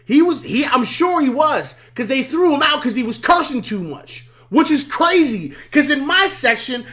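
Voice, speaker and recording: A man hosting a live sports talk stream, excitable and profane, laughing often and repeating himself, his voice worn from yelling. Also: very high-pitched, moderate pace, few pauses.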